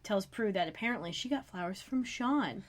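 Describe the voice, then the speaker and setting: A woman co-hosting a podcast, casually retelling a TV episode's plot in a relaxed way. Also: mid-range voice, moderate pace. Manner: relaxed storytelling, narrates plot beats. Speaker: podcast co-host. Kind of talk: casual recap chat.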